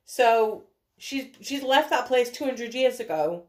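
A woman in casual film chat, quick to pick at the film's flaws. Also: fairly high pitch, lively intonation.

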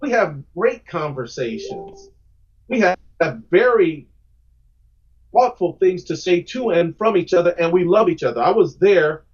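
A man's voice: high-pitched, lively intonation, unhurried, husky. Earnest emphatic man, muffled audio. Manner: earnest, emphatic, repeats words when starting a thought. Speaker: guest comic book creator. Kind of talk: podcast interview answers.

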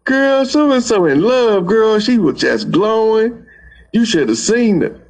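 A man's voice: high voice, animated, creaky, voice pushed up, exaggerated voice. A man putting on a gushing, gossiping girlfriend. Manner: gushing, drawn-out girlfriend talk. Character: excited gossiping woman friend, adult.

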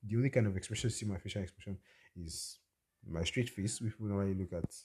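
A man's voice: lowish voice, fast, a little mellow, husky. A young man, telling a personal story on his podcast in a blunt, opinionated way. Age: young adult. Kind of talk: casual storytelling monologue.

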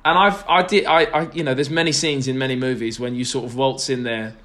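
A man's voice: medium pitch, fairly even intonation, fairly quick, fairly bright tone. A young man, a podcast guest, telling stories in a rambling, self-deprecating way with lots of restarts. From Britain. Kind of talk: casual chat.

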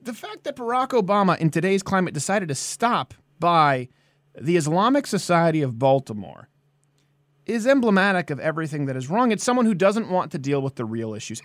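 A man's voice: on the high side, dry recording, studio quality. A man hosting a political comedy live-stream, ranting emphatically and joking. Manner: animated, emphatic ranting with jokes. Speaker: host.

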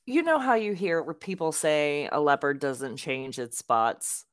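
A young adult woman co-hosts a casual podcast, telling a story with animated, acted-out quotes. Her voice sits low. The sound is dry and close. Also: unhurried, dry recording. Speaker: podcast co-host.

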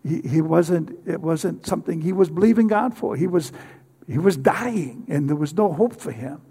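An older man preaching a sermon with personal testimony, halting often with fillers and repeated words. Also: fairly high pitch, animated, dark tone, slightly rough.

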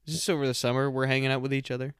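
A man's voice: medium pitch, little pitch movement, rapid-fire, smooth, no echo, clean studio sound. A young man co-hosting a podcast, teasing and joking in casual chat. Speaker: podcast co-host.

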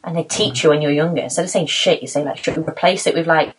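A woman in her late twenties chatting casually, laughing often and becoming animated when she quotes herself. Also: sits low, fast talker, slight background noise. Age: 20s. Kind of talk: casual chat.

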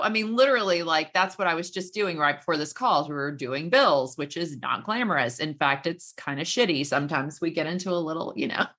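A middle-aged woman with a bright, forceful voice sitting low in pitch, chatting as a guest on a podcast. She talks with enthusiasm and open feeling and laughs easily. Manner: emotional, enthusiastic, quick to laugh. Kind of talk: casual interview chat.

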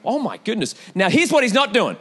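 Animated preacher with a raised voice. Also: male voice, sits high, a little fast, slightly rough. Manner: animated preaching with repeated calls and storytelling asides. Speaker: pastor. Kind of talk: sermon.

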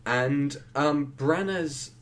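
Here a film podcast co-host speaks very slowly, his voice a little high and fairly bright. His casual talk meanders, with frequent restarts and easy laughs.

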